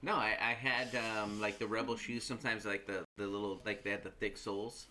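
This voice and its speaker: A man's voice: lowish voice, steady tone, fairly quick, bright, forceful tone, a little hiss or hum. A man in his thirties hosting a casual live stream, rambling with many fillers and laughing easily. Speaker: host.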